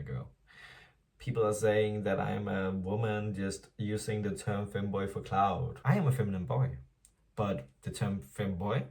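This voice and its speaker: A man's voice: deep voice, vocal fry, a little mellow, far from the mic. A young man talking candidly to his viewers at home in a casual vlog, chatty and open, calling them "girl" and laughing often. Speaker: vlogger. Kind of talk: casual confessional vlog monologue. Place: home apartment.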